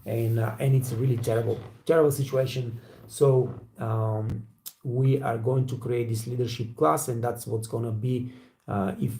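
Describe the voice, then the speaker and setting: Gravelly blunt man. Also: mid-range voice, fairly even intonation, moderate pace, dark tone. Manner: blunt, profane, storytelling with acted quotes. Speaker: waiter trainer and channel host. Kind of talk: casual motivational talk to camera.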